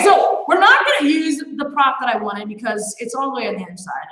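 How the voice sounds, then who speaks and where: A young woman with a high voice teaches an online martial arts class from a training space at home, chatting playfully and laughing as she goes. Her instruction sounds casual rather than scripted, and the room is very echoey.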